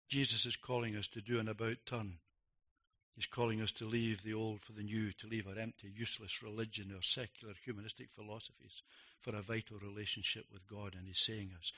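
Bright-voiced man preaching a sermon. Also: fairly low pitch, steady tone, brisk. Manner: emphatic, rising to loud declarations, dropping to quiet reflective lines.

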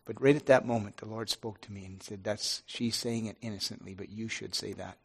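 A middle-aged pastor speaking earnestly and haltingly to his congregation, with many restarts. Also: fairly low pitch, steady tone, vocal fry, slightly rough. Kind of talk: informal devotional talk to a congregation.

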